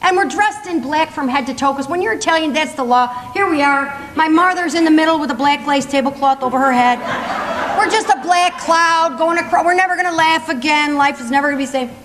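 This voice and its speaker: A high-voiced woman in her sixties tells a comic family story to a live audience. She is animated and self-mocking, laughing as she goes. Her voice rings through a large hall with long reverb and faint ambience behind it. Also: fairly quick, a little hiss or hum. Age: 60s. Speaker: comedic storyteller. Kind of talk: stand-up storytelling. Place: conference hall stage.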